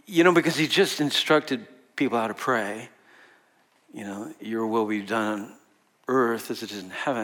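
A man's voice: mid-range voice, fairly bright tone. A man preaching a sermon to a room of people in a conversational way, asking the audience questions and laughing often. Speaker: pastor.

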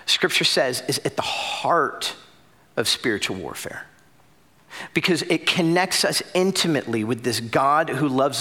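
A young adult man preaching a sermon as pastor, telling a story with loud bursts and hushed drops. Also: mid-range voice.

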